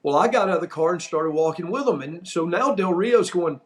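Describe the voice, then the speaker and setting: A man, an older wrestling figure, telling a funny backstage story on his podcast, animated and laughing often. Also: high voice, brisk, hardly any pauses. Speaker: podcast host. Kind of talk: storytelling anecdote.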